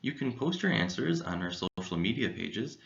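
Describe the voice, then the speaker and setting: A low-voiced man gives a scripted English vocabulary lesson, his pitch rising and falling in a lively way. He speaks clearly and carefully, sounding out syllables. The audio is a bit dull and lo-fi. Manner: clear, deliberate, enunciates syllables. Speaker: English teacher.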